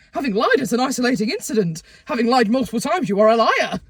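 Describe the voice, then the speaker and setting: Giggly husky woman, swooping voice. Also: fairly high pitch, very animated, a little fast, no echo. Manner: giggly, rambling, jokey. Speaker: podcast co-host. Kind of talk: casual comedic chat.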